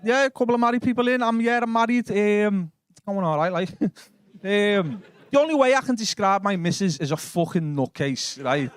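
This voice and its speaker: Man, Liverpool Scouse accent, stand-up comic, quick sweary storytelling, close dry stage mic. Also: high voice, clear, resonant tone, no room sound. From Liverpool, England. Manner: chatty, swearing, quick storytelling with crowd work. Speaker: stand-up comedian. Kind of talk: stand-up comedy set. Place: comedy club stage.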